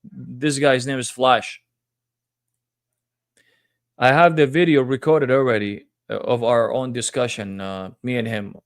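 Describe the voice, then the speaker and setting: A man's voice: medium pitch, fairly even intonation, unhurried, long pauses, dry recording, studio quality. A man hosting a live-streamed religious debate, talking in a confrontational, mocking way. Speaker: debate livestream host.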